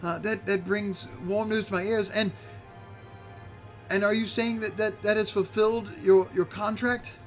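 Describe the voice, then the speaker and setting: A man's voice: sits high, steady tone, measured pace, faint music behind, voice pushed up. Guy doing a polite lady in charge, formal but kinda stammery, fantasy game. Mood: gracious. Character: gracious middle-aged woman leader.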